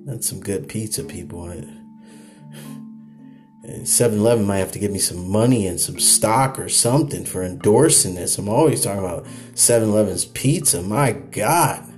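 A podcast host ranting late at night, circling back over the same phrases and laughing at himself. His voice swings widely in pitch, jumping high when he's worked up. A faint bit of music sits underneath. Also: moderate pace. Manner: animated, repetitive, laughs at himself.

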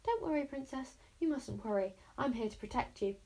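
A woman's voice: high voice, expressive, brisk, dark tone. A woman reading a brave, stubborn girl princess. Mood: determined. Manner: urgent, determined.

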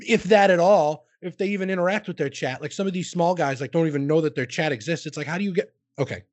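A man's voice: on the high side, fast, no echo. Rambling, swearing man, dry close sound. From United States. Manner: swears freely, rambling self-deprecating storytelling. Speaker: streamer and podcast host. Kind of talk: casual podcast chat.

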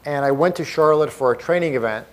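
A middle-aged man speaks to a live crowd in a voice pitched a little above the usual male range. He talks emphatically and drives each point home by repeating it. He sounds like a motivational speaker rallying a room. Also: quick pace. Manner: emphatic, repetitive, punchy. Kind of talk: live motivational talk to an audience.

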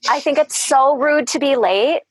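A woman's voice: high voice, normal speed, dry recording. A young woman co-hosting a casual chat, self-described nerd, chatty and agreeable. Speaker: podcast co-host.

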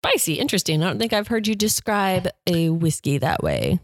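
A woman's voice: lowish voice, huge pitch swings, a little fast, dry recording. Woman cohost on a chatty podcast, voice goes up and down a lot, dry playful humor. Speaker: podcast co-host. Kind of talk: casual chat.

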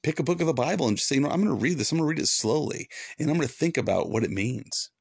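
Earnest gravelly man preaching on a podcast. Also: mid-range voice, expressive, very fast, dry recording, clean studio sound. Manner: earnest, preachy, repeats for emphasis. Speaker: podcast host, former pastor. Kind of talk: devotional podcast talk.

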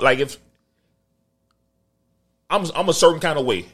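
A young adult man co-hosting a podcast in casual chat, a profane, animated storyteller. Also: on the high side, normal speed, pauses often. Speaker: podcast co-host.

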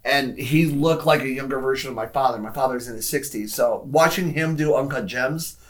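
A man's voice: mid-range voice, normal speed. A man chatting casually as a podcast co-host, rambling with lots of "like" and restarts. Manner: rambling, heavy use of "like", frequent restarts. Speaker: podcast co-host discussing films. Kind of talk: casual chat.

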